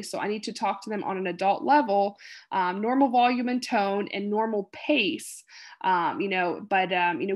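A woman teaches a nursing class in a loose, conversational way. She rambles a little and fills her pauses with plenty of "um" and "like". Her voice sits at an ordinary middle pitch. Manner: chatty, rambling, many fillers and acted-out patient quotes. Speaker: nursing instructor. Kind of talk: casual recorded lecture.

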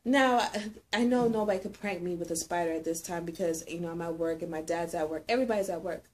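A pregnant woman telling a story in casual chat, animated and acting out the voices of the people in it. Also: on the low side, fast. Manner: animated, acts out quoted voices.

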